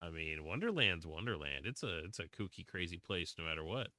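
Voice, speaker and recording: Man, Southern drawl, streamer, rambling casual talk, lower voice, dry close sound. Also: sing-song, brisk, bright, forceful tone, no room sound. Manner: rambling, restarts often, reads chat aloud. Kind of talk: casual live-stream chat while playing.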